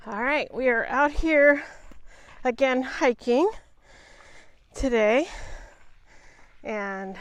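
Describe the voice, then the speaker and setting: A woman's voice: on the high side, clear, resonant tone, no room sound. A woman chatting casually and upbeat while out hiking on a mountain trail, filming herself on a small handheld camera. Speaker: vlogger.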